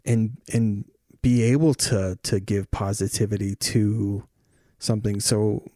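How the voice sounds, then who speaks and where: Male podcast host, lowish voice, casual and sympathetic, dry sound. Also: steady tone, a little slow, mellow, no echo. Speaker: interviewer. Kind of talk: podcast interview.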